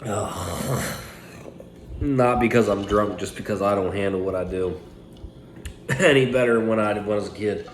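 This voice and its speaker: A man in his late twenties gives a loose, profane, trash-talking recap of a fantasy football week as league commentator, speaking into a phone propped up indoors. His fairly low voice is unhurried with long pauses, and the audio is reverberant with slight background noise.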